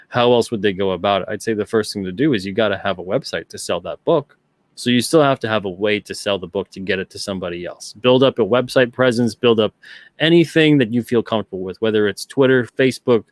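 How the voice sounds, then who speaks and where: A middle-aged man with a lowish voice hosts a laid-back livestream. He picks up viewer questions and talks them through in an easygoing, unhurried way. The recording is dry and close. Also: no room sound. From not British. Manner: easygoing, thinks aloud, reads viewer chat questions aloud. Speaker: podcast host. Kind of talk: casual livestream chat.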